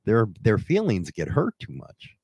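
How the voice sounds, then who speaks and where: A man's voice: lowish voice, huge pitch swings, measured pace, creaky, a little mellow. Brash shock-jock radio host man. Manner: brash, joking, provocative.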